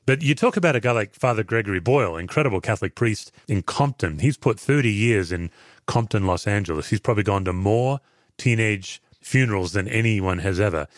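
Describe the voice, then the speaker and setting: An Australian man with a very deep voice gives thoughtful, earnest answers as a pastor being interviewed. The sound is dry and close. He speaks in a measured way, telling stories. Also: lively intonation, dry recording. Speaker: guest, pastor and former chaplain.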